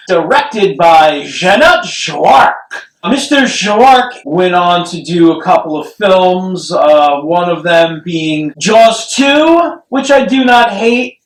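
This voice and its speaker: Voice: mid-range voice, animated, takes it slowly. A podcast co-host riffing through a comedic movie review, sarcastic and laughing often. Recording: echoey room, distant mic.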